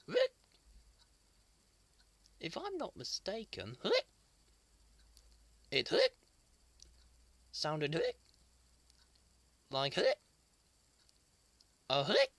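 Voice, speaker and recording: A woman's voice: on the low side, huge pitch swings, extremely slow, pauses often, no room sound. A woman hosting a children's toy show, telling it in a playful, theatrical way with dramatic whispers.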